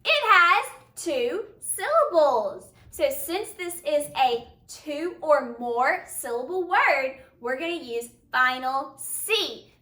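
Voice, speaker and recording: A woman teacher giving a slow, upbeat phonics lesson to young children, praising them often. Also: high-pitched, sharp tone, echoey room. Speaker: first-grade teacher.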